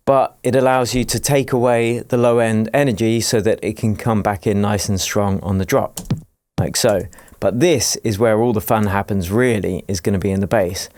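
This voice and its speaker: A man teaching music production in a screen-recorded tutorial, explaining each step in a relaxed, jokey way. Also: on the low side, no room sound, clean studio sound. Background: faint dance music playing from his project.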